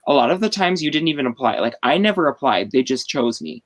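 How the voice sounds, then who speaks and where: A man's voice: medium pitch, big pitch swings, fast talker, rough recording. A man hosting a casual live-stream chat over a video call, explaining things at length with many fillers. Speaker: host.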